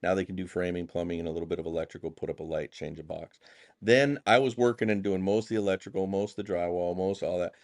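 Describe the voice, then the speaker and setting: A man, a contractor and pastor, telling stories casually as a podcast guest, acting out the dialogue in animated bursts with folksy phrasing. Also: low voice, fast, creaky, dry recording, studio quality. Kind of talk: casual storytelling interview.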